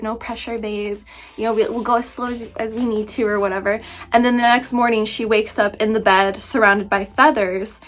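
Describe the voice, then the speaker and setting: A young woman vlogging about a book she just read, talking casually with animated, exaggerated asides and frequent laughter. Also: mid-range voice. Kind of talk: casual book review vlog.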